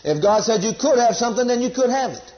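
A man preaching with a notably high voice, pressing his points hard and repeating key phrases for the congregation to echo back. The recording is dull and lo-fi, with the top end muffled. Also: expressive, fast. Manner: emphatic, repeats key phrases, leads congregation call-and-response. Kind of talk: sermon.

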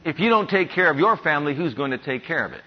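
A man preaching a sermon as pastor, reading scripture slowly and telling stories from his own life. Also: a little high, expressive, breathy edge. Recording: muffled lo-fi sermon recording.

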